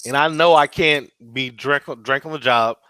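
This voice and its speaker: A man's voice: mid-range voice, normal speed, pushed and bright, clear, resonant tone, no echo. A man co-hosting a podcast, talking things through casually with everyday examples. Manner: reasoning aloud with examples, conversational. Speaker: podcast co-host. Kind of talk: casual chat.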